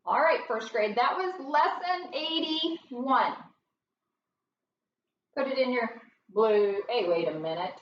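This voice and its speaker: A woman's voice: fairly high pitch, animated, takes it slowly, pauses often, highs cut off, a little hiss or hum. A woman teaching a first grade phonics lesson, explaining each step patiently, recorded from a distance in a roomy space.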